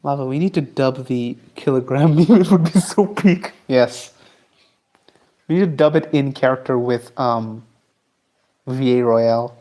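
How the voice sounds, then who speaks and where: A man's voice: mid-range voice, a little slow, mellow. A man streaming live, chatting casually and rambling as he answers his chat while he draws. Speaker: streamer and artist.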